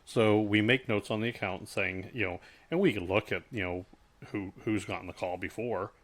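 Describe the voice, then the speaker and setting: A male podcast co-host with a fairly low pitch and fairly even intonation talks casually about customer service. He speaks from his work experience in a halting way, with many restarts.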